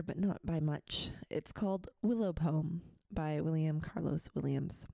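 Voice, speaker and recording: A woman's voice: deep voice, fairly even intonation, a little slow, creaky, dark tone, dry recording. A woman hosting a radio show, chatting casually in a rambling way full of asides and reading a poem aloud. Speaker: radio host. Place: radio studio.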